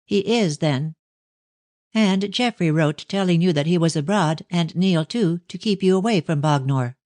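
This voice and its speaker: A man's voice: a little high, unhurried, darkish tone, no echo, natural voice. A man voicing an anxious young Victorian daughter who pleads earnestly with her father in an audiobook. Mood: indignant. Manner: pleading, raised and earnest delivery. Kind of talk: audiobook reading of a novel.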